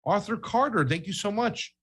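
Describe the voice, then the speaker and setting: A man's voice: sits high, expressive, normal speed, a bit bright, husky. Joking man co-host from Brooklyn. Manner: joking, banter, reads viewer tips. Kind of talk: casual news commentary.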